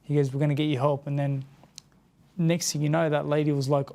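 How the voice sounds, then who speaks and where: Halting Australian man with gravelly voice. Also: fairly high pitch, little pitch movement, warm tone. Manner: halting, repeats words and restarts, earnest. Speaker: interview guest. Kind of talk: emotional personal account in an interview.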